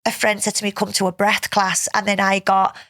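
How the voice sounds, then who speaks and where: A woman hosting a podcast interview, effusive and chatty, laughing often and thinking out loud. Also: medium pitch, monotone, brisk, dry recording, clean studio sound. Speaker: podcast host. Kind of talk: casual interview chat.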